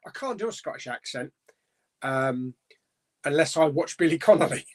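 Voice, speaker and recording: A man's voice: a little high, animated, moderate pace, pauses often. A man hosting a casual live chat, reading out viewer comments in an easygoing, chatty way with frequent little laughs. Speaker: host of a live chat stream.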